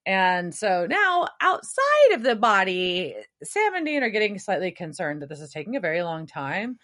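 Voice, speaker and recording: A woman co-hosting a podcast in casual chat, recapping and quickly acting out characters' lines. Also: medium pitch. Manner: acts out characters' lines in quick, animated quotes. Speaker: podcast co-host.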